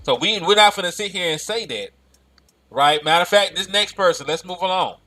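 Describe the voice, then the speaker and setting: A man co-hosts a casual chat, teasing his partner with animated exaggeration and frequent laughter. His voice is high and bright for a man. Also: brisk.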